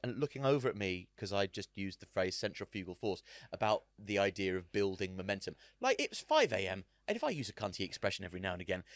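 A man's voice: sits low, very animated, fast talker, few pauses, no room sound, studio quality. A man, a comedian guest in a casual podcast chat, telling sweary, self-mocking stories and mimicking other voices.

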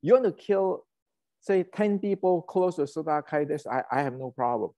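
Guy ranting about history, fairly high voice, dry close sound, lots of uh and restarts. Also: animated, normal speed, mellow, no echo. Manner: heated, ranting, many restarts and fillers. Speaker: martial arts channel host. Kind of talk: casual lecture.

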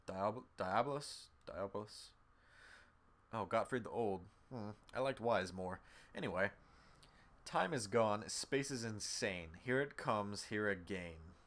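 Streaming a game live, this man reads out the on-screen text and chats casually, cursing freely as he addresses viewers directly. His voice is on the low side and fairly bright, with lively intonation and a measured pace.

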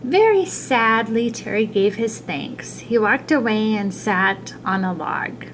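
A woman reading a children's picture book aloud, expressive and adding little asides about the pictures. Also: a little high, slow pace, slight background noise, low-quality recording. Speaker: storybook reader.

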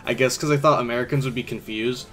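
A man's voice: medium pitch, steady tone, fast talker, bright, forceful tone, faint music behind. Rambling man on a game stream. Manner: rambling, laughs often. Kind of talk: casual gaming commentary.

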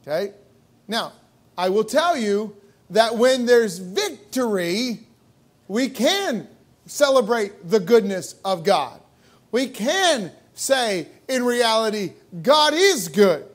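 A man's voice: sits high, big pitch swings, slow. A male pastor preaching a sermon in a church, emphatic and full of rhetorical questions. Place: church sanctuary.

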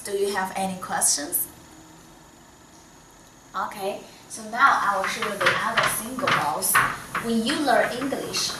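Slow, patient Chinese-accented woman teaching. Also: medium pitch, sharp tone, recorded from a distance, a little hiss or hum. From China. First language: Mandarin Chinese. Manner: patient, slow, encouraging, with modelled tones. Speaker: Mandarin teacher. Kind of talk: online language lesson. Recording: echoey room, voice slightly off-mic.

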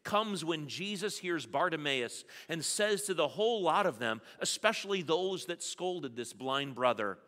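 A man's voice: on the high side, lively intonation, a little slow, hardly any pauses, pushed and bright. A male pastor preaching a sermon in a church sanctuary, conversational with playful asides. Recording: long church reverb.

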